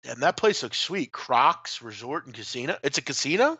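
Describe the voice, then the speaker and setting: A man's voice: medium pitch, big pitch swings, normal speed, bright, forceful tone, husky, no room sound. A man hosting a sports betting show, talking in loose, jokey casual banter and swearing freely.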